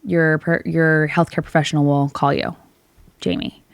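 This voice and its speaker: In a podcast studio, a woman co-host with a deep, creaky voice tells a personal story with feeling, acting out both sides of the conversations. Her delivery is flat at normal speed, and the studio-quality recording has no echo.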